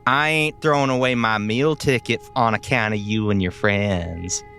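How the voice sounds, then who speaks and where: A man's voice: on the low side, normal speed, fairly bright tone, clean tone, soft background music. A man voicing a hard-bitten young woman, a smoking gangster's moll who talks tough and calls people kid. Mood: cool.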